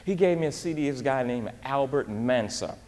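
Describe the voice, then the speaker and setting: A man giving a live motivational talk in an animated, folksy way, often dropping in casual asides to the crowd. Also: medium pitch, moderate pace, long reverb tail. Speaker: motivational speaker and singer.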